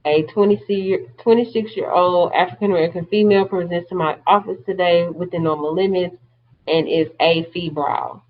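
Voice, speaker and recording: A woman's voice: lowish voice, fairly even intonation, brisk, highs cut off. A woman teaching a class, explaining terms step by step in a plain-spoken way. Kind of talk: classroom lecture.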